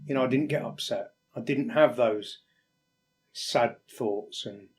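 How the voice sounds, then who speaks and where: Man, from England, firefighter, interview guest, candid, halting, middle pitch. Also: slight background noise. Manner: candid, halting, acts out quoted exchanges. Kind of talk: reflective interview talk.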